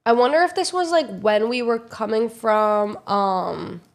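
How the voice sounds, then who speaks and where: Young woman, high-ish voice, chatty vlog storyteller who swears freely and acts out the quotes. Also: big pitch swings, a little slow, creaky. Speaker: streamer vlogging a trip. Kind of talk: casual storytelling to camera.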